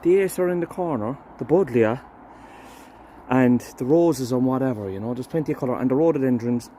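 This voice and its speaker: A man's voice: medium pitch, brisk, mellow, a little hiss or hum. A man, a gardener hosting his own channel, talking casually and sincerely to viewers outdoors in a garden, addressing them as guys. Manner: sincere and reflective, then upbeat. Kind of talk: casual vlog talk to viewers.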